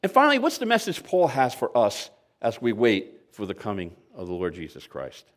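A man's voice: medium pitch, huge pitch swings, fairly quick, a bit bright. A man in his sixties preaching a sermon to a congregation, conversational and lightly humorous, asking the listeners rhetorical questions. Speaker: pastor.

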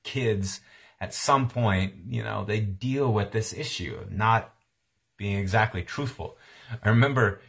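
A pastor of about forty, whose voice is fairly low, a little slow, creaky, husky, and fairly bright, preaches a sermon. He tells a childhood story conversationally, acting out his parents' voices.

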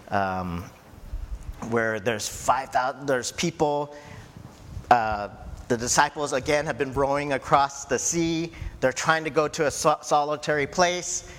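A man preaching a sermon in a slow, conversational way, often checking in with his listeners. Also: mid-range voice, fairly bright tone. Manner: slow, conversational preaching with frequent "right?" and "you know". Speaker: pastor. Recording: echoey hall with faint ambient noise.

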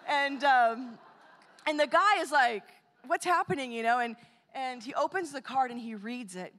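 A woman gives a storytelling sermon, acting out the lines of the people in her story. Her voice sits a little high. The sound rings with the long reverb of a large hall. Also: moderate pace. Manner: animated storyteller, acts out quotes. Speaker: speaker at a church or conference.

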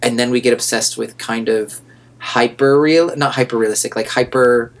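A man's voice: mid-range voice, fairly even intonation, moderate pace. A man co-hosting a podcast in casual chat, rambling and repeating words as he thinks aloud. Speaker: podcast co-host.

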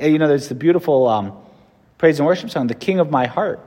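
A man's voice: a little high, animated, a little fast, darkish tone. An American man, a Catholic priest, giving a conversational homily with fillers and restarts. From United States. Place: church. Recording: long reverb from a church.

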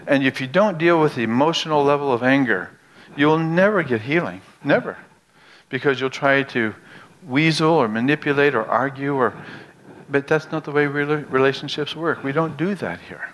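A man preaching a sermon who tells stories dramatically, drops into hushed low lines, then rises into raised outbursts, and puts questions straight to the audience. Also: animated, normal speed, a little hiss or hum. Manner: asks the audience direct questions.

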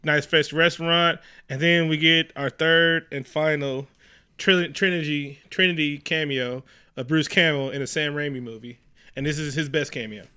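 A man co-hosting a casual movie recap, profane and animated, slipping into mocking quoted voices. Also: on the high side, normal speed, smooth. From New York. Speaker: podcast co-host.

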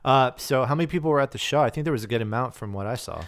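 A man's voice: mid-range voice, rapid-fire. A man co-hosting a podcast in casual banter, upbeat and teasing. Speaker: podcast co-host.

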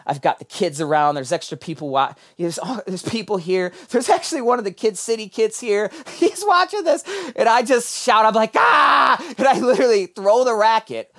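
Male pastor, sermon delivery, animated storyteller moving between hushed and loud. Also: a little high.

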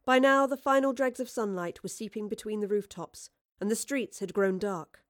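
The recording is dry and studio quality, carrying a woman's medium-pitched voice. She narrates an audiobook in an even, measured storytelling style.

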